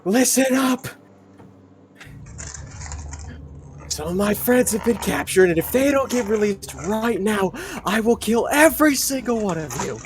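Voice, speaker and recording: A man voicing a furious young male demigod who shouts threats into a walkie-talkie. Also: high voice, expressive, moderate pace, voice pushed up. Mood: furious yelling. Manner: shouting, raised, strained.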